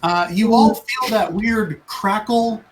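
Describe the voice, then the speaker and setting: A man's voice: high voice, takes it slowly, slight background noise. A man running a tabletop game as dungeon master, narrating in a playful, rambling way and laughing at his own story.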